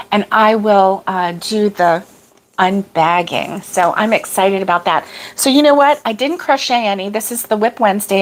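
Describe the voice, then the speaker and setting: A middle-aged woman hosting a crochet livestream, chatting casually, chuckling and answering viewer comments as she goes. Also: on the high side. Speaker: crochet channel host.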